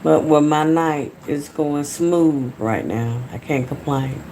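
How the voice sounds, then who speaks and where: A woman with an Atlanta Southern accent rambles casually to her live chat, speaking in a fairly low voice through her phone at home. Her talk is loose and chatty, and faint background noise sits under it. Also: fairly even intonation, slow, mellow. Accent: Southern American (Atlanta). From Atlanta, Georgia, USA. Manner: rambling, chatty, talks straight to viewers. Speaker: livestreamer.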